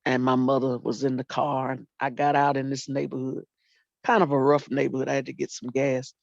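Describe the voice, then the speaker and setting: An older woman, a retired teacher and librarian, telling animated stories about her students in casual talk and acting out what people said. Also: a bass voice, fairly quick, creaky, no echo. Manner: animated storyteller, acts out quotes, folksy Southern phrasing. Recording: dull lo-fi dry sound.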